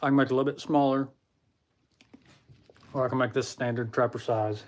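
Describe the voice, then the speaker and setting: A young Southern American man hosts a chatty, folksy livestream, calling the audience y'all, with a mid-range voice, fairly even intonation, and a slightly fast pace. Slight background noise comes through his computer or phone mic.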